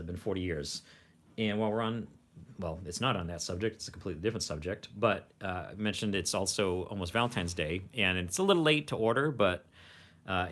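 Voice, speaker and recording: A man's voice: low-pitched, fairly bright tone. A man hosting a casual livestream from home, rambling along with frequent restarts. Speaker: host of a food review channel.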